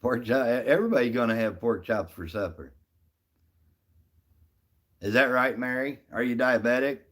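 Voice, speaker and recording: A man's voice: medium pitch, lively intonation, moderate pace, a bit bright. A middle-aged man casually chatting on a live stream, answering viewers by name in a folksy, easygoing way. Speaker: livestream host reading chat.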